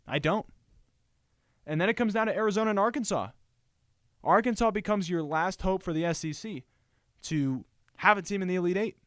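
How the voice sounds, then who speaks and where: A man's voice: a little high, no echo, studio quality. A man hosting a sports show on his own, giving emphatic commentary and repeating his points for stress.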